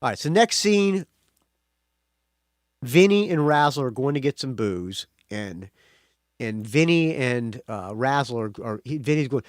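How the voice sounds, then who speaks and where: A man's voice: medium pitch, lively intonation, unhurried, no room sound, clean studio sound. A male podcast host giving a casual movie review monologue, blunt and profane, with frequent restarts.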